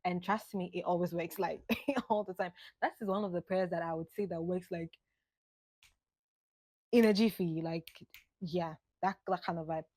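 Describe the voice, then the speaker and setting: A woman, musing aloud in an unhurried reflective monologue. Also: lowish voice, steady tone, a little mellow, no room sound. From Ghana. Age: late 20s. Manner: musing, unhurried, drifts between thoughts. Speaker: vlogger.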